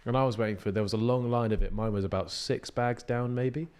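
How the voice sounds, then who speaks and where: A man's voice: medium pitch, steady tone, fast talker, darkish tone, clear, resonant tone. A young British man co-hosting a podcast, chatting in a laid-back, rambling way with frequent restarts. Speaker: podcast co-host. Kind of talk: casual chat.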